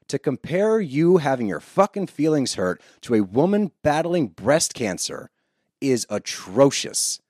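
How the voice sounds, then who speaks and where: A man ranting with heated, profane energy as he co-hosts a casual recap podcast. His pitch swings widely and he talks into a close mic in a dry, dead room. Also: sing-song, a little slow, a little mellow, no room sound. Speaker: podcast co-host.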